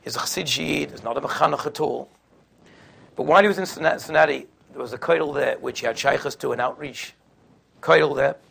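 A man's voice: on the high side, brisk, vocal fry, a bit bright, slight background noise. A man giving a sermon, telling stories in a conversational way. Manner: conversational, sprinkles in Yiddish and Hebrew terms. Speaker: religious speaker. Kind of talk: storytelling sermon.

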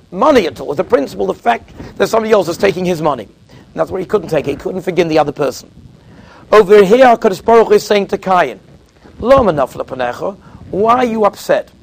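Gravelly high-voiced man giving a Torah talk. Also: low-quality recording. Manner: storytelling, acts out quoted speakers. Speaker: rabbi. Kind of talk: Torah lecture.

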